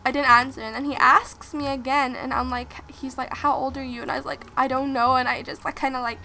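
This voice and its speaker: A woman's voice: high-pitched, little pitch movement, brisk, sharp tone, a little hiss or hum. A woman vlogger telling a story in a chatty, rambling way with lots of restarts while playing a game. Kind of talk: casual storytime while gaming.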